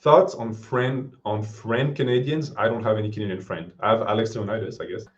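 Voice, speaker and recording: A man's voice: fairly low pitch, a little fast. A man with a French accent hosting a live-stream Q&A, answering questions in a blunt, offhand way. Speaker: fitness channel host. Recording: dull lo-fi stream audio.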